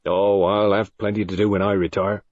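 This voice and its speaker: A man's voice: fairly low pitch, little pitch movement, moderate pace, a little mellow, muffled recording, natural voice. A man voicing a hearty, blunt older English police superintendent nearing retirement, plain-spoken and chatty. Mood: bluff.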